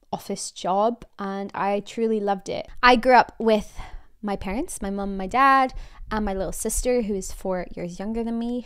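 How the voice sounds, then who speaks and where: A woman's voice: medium pitch, smooth. A woman in her twenties, hosting her podcast in a chatty, candid way with a mild Scottish accent tinged with American, often laughing. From Scotland. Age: 20s. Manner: chatty, lots of likes, quick laughs. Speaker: podcast host. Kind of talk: casual chat.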